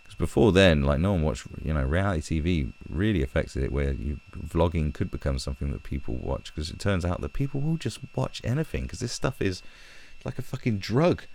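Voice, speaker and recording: A man's voice: low-pitched, brisk, creaky, few pauses. A young British man on a live stream, ranting heatedly and swearing as he talks from his own room. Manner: profane, animated, heated.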